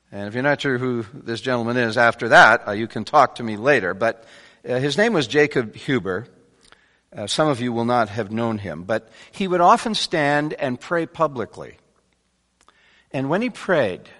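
A man preaching a sermon to his congregation, animated, swinging between loud emphatic bursts and quiet asides. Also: medium pitch. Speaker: pastor. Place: church sanctuary. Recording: long church hall reverb.

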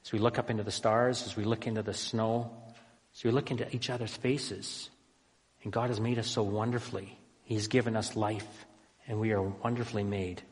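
A man preaching a sermon as pastor, emphatic, slowing down on key phrases and swinging between loud and hushed. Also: fairly low pitch. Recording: long hall reverb.

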